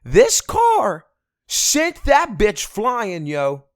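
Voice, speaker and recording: Young man, slightly higher voice, dry close sound, casual storytime, lively, swearing. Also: drawn-out words, no echo. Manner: animated, heavy swearing. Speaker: vlogger.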